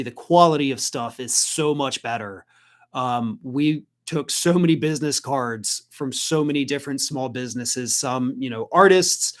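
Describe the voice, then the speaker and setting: A man hosting a political commentary livestream, talking conversationally and reading out viewer comments. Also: a little high. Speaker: host.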